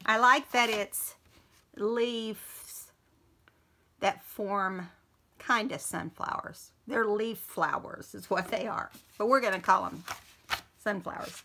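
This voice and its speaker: A woman, chatting while she works through a paper-crafting tutorial. She thinks aloud as she goes and keeps clearing a scratchy throat. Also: mid-range voice, slow pace, sharp tone. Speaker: crafting video host.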